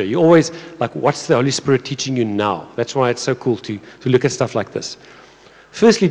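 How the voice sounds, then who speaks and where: A man's voice: mid-range voice, a little mellow. A man in his thirties or forties preaching a conversational sermon as pastor, often repeating words and putting questions to the congregation. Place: church auditorium. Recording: long hall reverb in a church.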